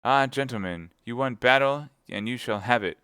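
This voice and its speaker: A man's voice: fairly low pitch, lively intonation, normal speed, fairly bright tone, no room sound, clean studio sound. A man voicing a jeering, defiant musketeer shut in a cellar, in a read-aloud storybook. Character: drunk, jeering male musketeer barricaded in a cellar.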